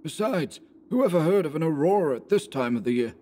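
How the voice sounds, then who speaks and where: A man voicing a tense, blunt male gold prospector in an audiobook reading, with sharp, alarmed outbursts. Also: on the high side, animated, fairly quick, pitched above the performer's own voice. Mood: uneasy.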